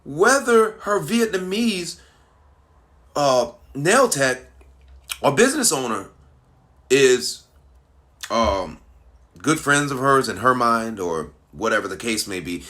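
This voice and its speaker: A man commenting to his online followers, animated and repetitive, with frequent restarts and rhetorical questions. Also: medium pitch, measured pace, long pauses. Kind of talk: casual monologue to social media followers.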